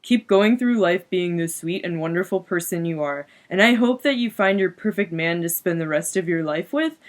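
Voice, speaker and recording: A woman's voice: lowish voice, lightly acted. A woman playing a gushing teen goth girl. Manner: valley-girl filler "like", giggly, overdramatic. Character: gushing, melodramatic 8th-grade goth girl. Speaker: diary-style narrator. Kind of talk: comic teen diary monologue.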